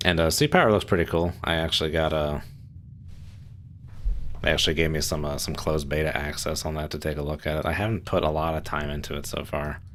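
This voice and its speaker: A man with an extremely deep, low voice talks loosely on a live game stream. He rambles, restarts sentences and leans on fillers. A faint hum sits under his desk-mic sound. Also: steady tone, brisk, fairly bright tone. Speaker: streamer playing a submarine sim. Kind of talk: casual live-stream chat.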